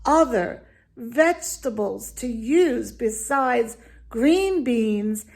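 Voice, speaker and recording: Woman, indignant, emphatic, ranting review, higher voice, slow deliberate talk. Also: expressive, gravelly, a little mellow. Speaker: dog food reviewer. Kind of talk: opinionated video review.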